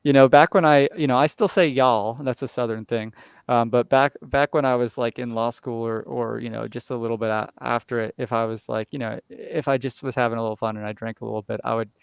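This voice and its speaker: A man's voice: medium pitch, fairly even intonation, a little fast, creaky, smooth, dry recording, studio quality. A young man from New Jersey chatting casually as an interview guest, rambling with lots of fillers and restarts.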